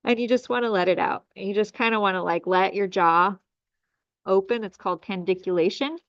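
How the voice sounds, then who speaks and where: A woman's voice: mid-range voice, fairly quick, no room sound. A woman leading a guided healing meditation in a soothing, repetitive way, with commanding incantations. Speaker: energy healer leading a group session. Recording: dry, dull lo-fi sound.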